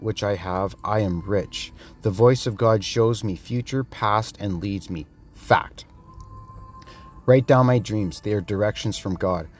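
A man with a fairly low voice delivers a podcast monologue in blunt, emphatic statements, often repeating a phrase. Faint music plays quietly underneath. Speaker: podcast host. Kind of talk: casual religious monologue.

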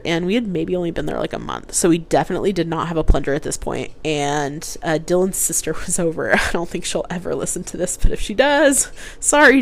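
A young woman rambling through embarrassing personal stories in casual chat, with lots of "like" and restarts. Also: fairly low pitch. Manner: rambling, chatty, heavy use of "like". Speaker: host telling personal stories. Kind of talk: casual storytelling.

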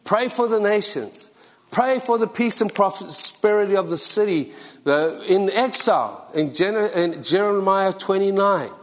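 A man's voice: high voice, lively intonation, unhurried, long reverb tail. A man preaching a sermon as pastor, earnest and exhorting, repeating key phrases for emphasis. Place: church sanctuary.

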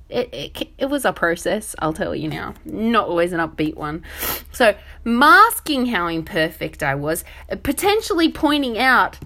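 A middle-aged woman hosts a casual solo podcast. Her voice sits a little low for a woman, and she wanders from thought to thought with plenty of ums and jokes at her own expense. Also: a bit bright. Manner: rambling, self-deprecating, chatty with many fillers. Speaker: podcast host.

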